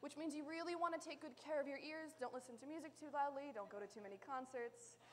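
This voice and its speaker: Woman, high voice, chatty presenter, talking to kids, echoey hall, faint background noise. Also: fast. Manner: chatty, addressing kids in the audience. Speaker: science show presenter. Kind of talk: live science demonstration talk.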